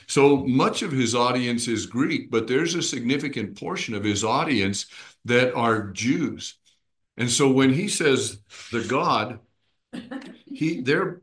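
A man's voice: medium pitch, fairly bright tone. A man teaching a small group Bible study, explaining patiently and often checking in with his listeners.

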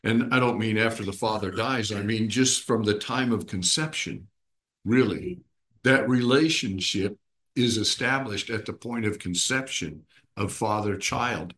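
A man with a fairly low voice leads a small Bible study group. He explains things step by step and keeps checking that his listeners are following. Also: measured pace, fairly bright tone.

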